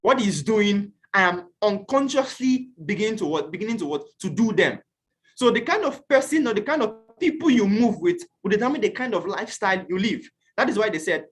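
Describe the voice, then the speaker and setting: A man's voice: high voice, sing-song, a little fast. A man from Nigeria gives an online class lesson. He talks in an earnest way and keeps putting questions to his class. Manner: earnest, asks the class questions, acts out shouted quotes. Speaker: youth teacher.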